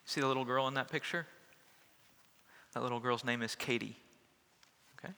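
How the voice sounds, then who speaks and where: Bright-voiced pastor in a reverberant church. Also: male voice, mid-range voice, steady tone, normal speed, vocal fry, long pauses. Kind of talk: sermon and storybook reading to children. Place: church sanctuary.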